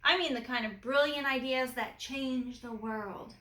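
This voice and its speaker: A woman's voice: high voice, a little slow, sharp tone, roomy sound. A woman reading a children's storybook aloud, shifting her voice for each character.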